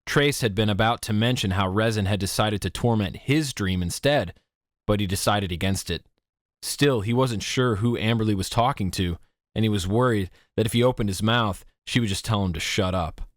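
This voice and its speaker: A man narrating a teen fantasy audiobook in an even, measured way. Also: lowish voice, no echo, studio quality. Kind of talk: scripted narration.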